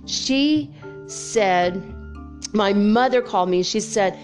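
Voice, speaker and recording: A woman's voice: mid-range voice, expressive, slow pace, a little mellow, soft background music. A middle-aged woman in casual chat, swearing freely and telling stories with animation. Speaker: spiritual vlogger.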